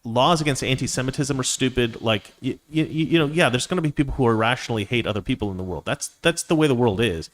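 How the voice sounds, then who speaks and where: A man's voice: mid-range voice, fast talker, hardly any pauses. A man hosting a live stream, reading viewer comments and giving opinions in a rambling, casual way with many restarts. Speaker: host.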